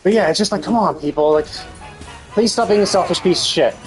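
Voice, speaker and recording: A man's voice: high voice, fairly quick, music in the background. A male streamer doing live gameplay commentary, ranting with exasperation and plenty of swearing.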